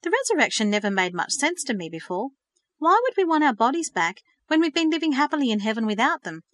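A woman's voice: high voice, big pitch swings, fast, a bit bright, dry recording, voice pushed up. Earnest hopeful teen girl, read by a woman. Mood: eager. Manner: earnest, eager. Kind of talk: audiobook reading.

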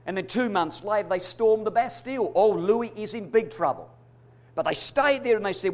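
A man preaching a sermon, emphatic, swinging between loud declarations and hushed asides. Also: high-pitched, moderate pace. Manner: addresses congregation as brothers and sisters.

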